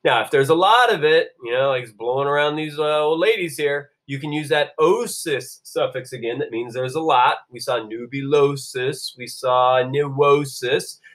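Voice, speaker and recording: A man teaching a Latin lesson to a class, asking everyone to repeat phrases and saying the Latin words slowly and clearly. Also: mid-range voice, fairly bright tone. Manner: call-and-response, drawing out Latin phrases slowly. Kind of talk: classroom-style video lesson.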